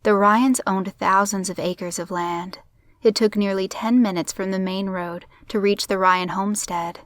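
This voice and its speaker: A woman's voice: mid-range voice, fairly even intonation, a little slow, a bit bright, no echo. Woman narrating a crime story.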